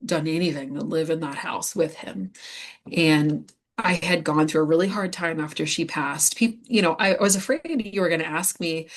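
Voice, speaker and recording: Low-voiced woman sharing a personal story. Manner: candid, halting, with many fillers. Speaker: guest medium.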